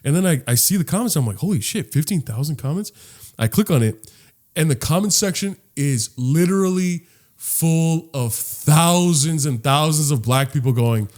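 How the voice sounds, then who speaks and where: A man co-hosting a podcast in casual chat, animated and profane, rambling with many restarts. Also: on the high side, moderate pace. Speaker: podcast co-host.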